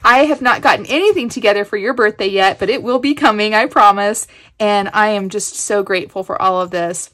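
A woman's voice: medium pitch, fairly quick, a bit bright. A woman from Kansas hosting a crafting vlog, gushing with effusive thanks as she unpacks a gift package. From Kansas, USA. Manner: gushing, effusive, breathy exclamations. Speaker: crafting channel host. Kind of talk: casual show-and-tell of a gift package.

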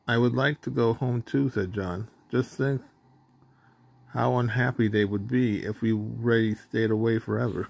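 Male storybook reader, gravelly and mellow, plain delivery with small slips. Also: fairly low pitch, steady tone, measured pace. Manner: plain reading, with slips and restarts. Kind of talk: reading a children's storybook aloud.

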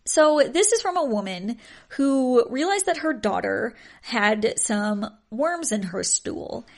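A young woman hosts a podcast and tells odd stories in a relaxed, chatty way. Her voice sits a little high, and she keeps breaking into amused disbelief and laughter. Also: slow pace, gravelly. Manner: incredulous, often laughing at the stories. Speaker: podcast host. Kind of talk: casual storytelling chat.

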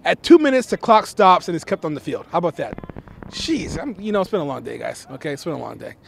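A man doing play-by-play commentary for a local soccer game, excitable and chatty, shouting on big plays. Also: on the high side, quick pace, gravelly, a little hiss or hum. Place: press box at an outdoor soccer game.

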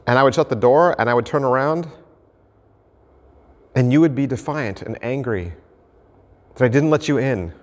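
A man's voice: mid-range voice, normal speed, pauses often, in a large hall. A male pastor giving a conversational sermon and explaining his points through everyday stories.

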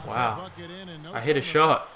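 A young man giving live commentary over his own basketball video game, exasperated and swearing, swinging between loud outbursts and low muttering. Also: takes it slowly, a crowd in the background. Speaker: gaming commentator.

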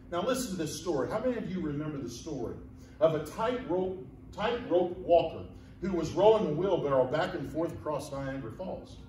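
A man's voice: a little high, a little mellow, a little hiss or hum. A man preaching a sermon in a folksy, storytelling way. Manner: folksy storytelling, acting out voices in quotes. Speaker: pastor. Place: church sanctuary. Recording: echoey church room from a distant mic.

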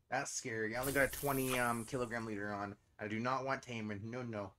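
A man's voice: mid-range voice, steady tone, fairly quick, few pauses, fairly bright tone, slight background noise. A man with a Canadian accent giving casual, chatty commentary over a fishing video game, breaking into frequent surprised exclamations. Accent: Canadian English. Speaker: gaming channel host.

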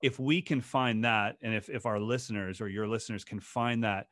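A guest drum educator tells stories in a casual podcast interview, earnest and passionate, restarting his sentences often. His voice is lowish and a bit bright, with fairly even intonation and a moderate pace, recorded clean in a studio with no room sound.

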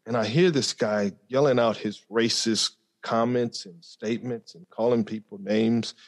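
A man speaking as a podcast guest, telling a personal story in an earnest, reflective way with frequent pauses and fillers. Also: on the low side, fairly even intonation. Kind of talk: conversational storytelling.

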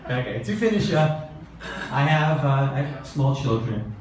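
A middle-aged man doing open-mic stand-up comedy with a deadpan, exasperated observational delivery. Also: medium pitch, unhurried, a crowd in the background. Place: comedy club stage. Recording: echoey club recording from a distance. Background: audience laughter.

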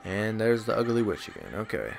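A man's voice: on the low side, huge pitch swings, brisk, vocal fry, music in the background. A man giving casual, crude, joking let's-play commentary while playing a video game, teasing the characters and mocking his own skill. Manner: joking, crude and self-deprecating.

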